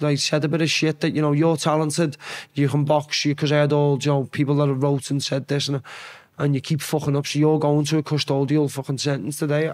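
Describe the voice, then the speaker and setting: A young man with a Scouse accent, a podcast guest telling rambling, sweary stories with acted-out quotes. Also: fairly high pitch. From Liverpool. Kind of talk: casual storytelling chat.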